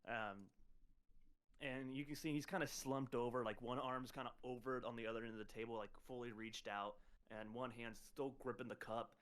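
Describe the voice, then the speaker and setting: A man narrating as game master of a tabletop role-playing game, pausing often with fillers and restarts. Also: medium pitch, steady tone, a bit bright, smooth. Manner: hesitant, lots of ums and restarts.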